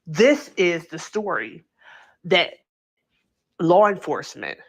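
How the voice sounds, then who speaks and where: A woman hosting a casual true crime chat, talking it through in an animated, incredulous way and acting out quotes, with plenty of filler words. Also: lowish voice, slow pace. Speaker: true crime channel host. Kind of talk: casual commentary.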